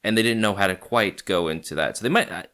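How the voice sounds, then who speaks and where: A man's voice: lowish voice, quick pace, sharp tone. A man co-hosting a podcast in casual chat, joking, swearing and laughing often. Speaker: podcast co-host.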